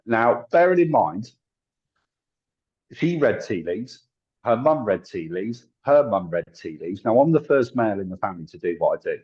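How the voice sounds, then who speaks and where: A husky, fairly low-pitched man in middle age, chatting through a video call and spinning lively anecdotes. He laughs readily and slips into the voices of people he quotes. The sound is dull and lo-fi. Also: moderate pace. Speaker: guest, tarot reader and psychic medium. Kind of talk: casual storytelling in an interview.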